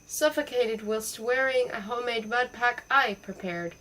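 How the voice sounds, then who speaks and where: A woman's voice: fairly high pitch, normal speed, a bit bright, lightly acted, poor audio. A woman voicing a prim, proper lady who likes to correct others.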